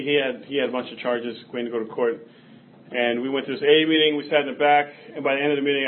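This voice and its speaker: A man telling his personal recovery story in a rambling way, with frequent restarts and asides. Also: medium pitch. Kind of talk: personal testimony. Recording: tinny phone-like sound with faint noise.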